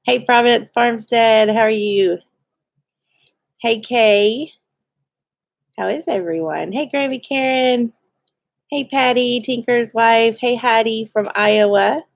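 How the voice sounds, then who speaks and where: A woman's voice: on the high side, slow pace, creaky, pauses often, dry recording, clean studio sound. A woman, co-hosting a homestead livestream and cheerfully greeting viewers by name with frequent laughs. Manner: cheerful, laughs often, reads viewer names.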